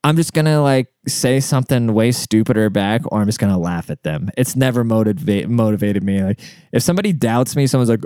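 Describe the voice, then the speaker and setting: Man, podcast host, casual rambling monologue, swears freely, smooth voice, mid pitch. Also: brisk, darkish tone, dry recording, studio quality. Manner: rambling, profane, with frequent fillers and asides. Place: outdoors.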